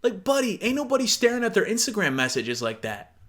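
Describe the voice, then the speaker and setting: A man riffs sarcastically in a casual reaction commentary, exasperated and quick to swear. His voice sits a little high and swings widely in pitch. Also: wildly swooping pitch, fairly bright tone. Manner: laughs often while reading. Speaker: reaction video host.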